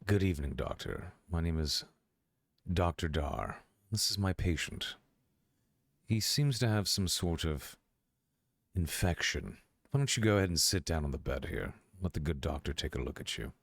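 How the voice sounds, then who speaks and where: A man playing a smooth-talking male doctor in a tabletop role-play, courteous but quietly menacing. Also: sits low, animated, no room sound, studio quality, heavily acted. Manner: courteous, measured and veiled threats.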